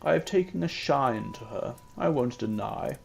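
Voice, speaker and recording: A man voicing an eccentric older gentleman in a video game, who talks earnestly and drops low on his asides. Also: animated, moderate pace, vocal fry, a little hiss or hum.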